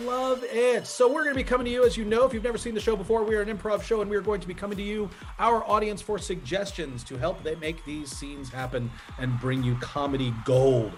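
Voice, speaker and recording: A man's voice: high voice, a little fast. A man hosting a live online improv show from a video call, upbeat and chatty with frequent fillers.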